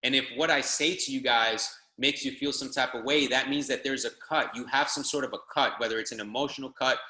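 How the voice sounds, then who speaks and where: Here a man's mid-range, sharp voice holds a steady tone at a fairly quick clip, with noticeable reverb. Speaking to a group call as a business trainer, he exhorts everyone in a fired-up way, pounding the same lines again and again.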